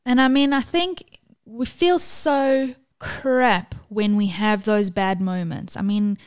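A woman's voice: medium pitch, steady tone, slow pace, clean tone. Tearful woman talking frankly, swearing. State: close to tears. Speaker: podcast co-host. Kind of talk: candid podcast chat.

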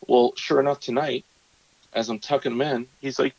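A man in his thirties, a podcast co-host, tells a rambling story in casual chat and acts out his kids in a higher voice. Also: steady tone, moderate pace, creaky, a little mellow, slightly rough, no echo. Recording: dull lo-fi, dry sound.

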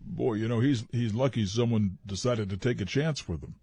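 A man with a husky voice co-hosts a talk radio show in a studio. He reasons through his points in a measured way, often starting over. The sound is dry and close. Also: fairly low pitch, warm tone, no room sound. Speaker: radio co-host.

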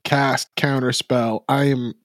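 A man's voice: mid-range voice, level tone, slow pace, dry recording, clean studio sound. A man playing a tabletop game, asking questions and declaring his character's actions hesitantly. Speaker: player.

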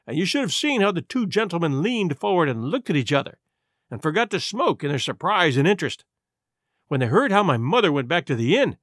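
Expressive male audiobook narrator, dry close-miked read, lively melodic delivery. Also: a little high, no room sound. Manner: expressive, animated storytelling.

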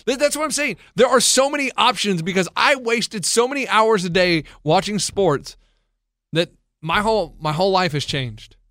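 A young man with a high, bright, sharp-edged voice, chatting on a radio-style show. He talks in an excitable, animated way, jumping between stories. The sound is close and dry, with soft music underneath. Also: moderate pace, dry recording. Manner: animated, excitable, trails into laughs and mock complaints. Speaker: co-host. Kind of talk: casual chat.

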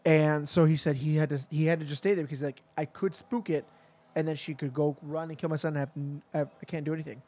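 A man with a voice a little higher than most, chatting casually and spinning a long anecdote. He rambles along, leaning on "like" and slipping into the voices of the people in his story. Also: steady tone, quick pace, dark tone. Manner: rambling, many "like" fillers, acts out quotes.

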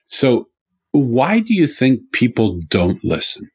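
Guy with a low husky voice, earnest storyteller, dry close sound. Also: huge pitch swings, slow pace, no echo. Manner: earnest, repetitive emphatic phrasing. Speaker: guest. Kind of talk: storytelling in interview.

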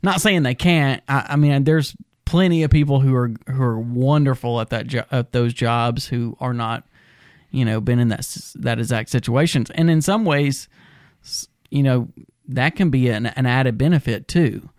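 A man with a smooth, resonant voice speaks earnestly and reflectively about recovery and stumbles over restarts now and then. He sounds close and dry, with no room echo. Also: medium pitch, moderate pace. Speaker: podcast co-host in recovery. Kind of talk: casual conversation.

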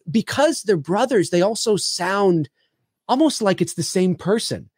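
A man co-hosting a casual livestream chat, theatrical and quick to laugh, heard over a remote call. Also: sits high, dry recording, studio quality. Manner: animated, theatrical, laughs often. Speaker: livestream co-host.

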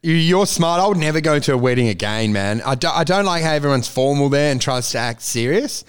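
A man co-hosting a podcast, telling animated stories, swearing freely and often asking "do you know?". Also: a little high, brisk, smooth. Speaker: podcast co-host. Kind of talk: casual chat.

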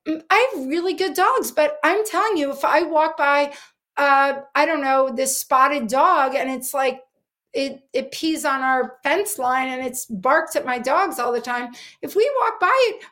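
In an interview, this middle-aged dog trainer gives earnest explanations peppered with fillers. She has a high, slightly bright voice.

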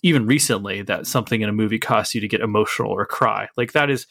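A man's voice: fairly low pitch, gravelly, fairly bright tone, dry recording, studio quality. Thoughtful man in casual podcast talk. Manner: thoughtful, many fillers, slows to make a point. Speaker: podcast co-host. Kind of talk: casual chat.

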